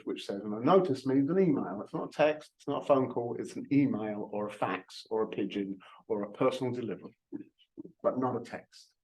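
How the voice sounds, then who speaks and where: A real estate broker in his fifties gives a jokey, self-mocking training talk to a live audience, frequently restarting his sentences. His voice is mid-range with a darkish tone, and the audio quality is poor.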